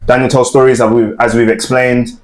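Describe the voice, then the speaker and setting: A man's voice: mid-range voice, level tone, a little fast, a little mellow, poor audio. Earnest young British man telling his story. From United Kingdom. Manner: earnest, reflective, chuckling. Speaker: guest storyteller. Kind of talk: casual chat.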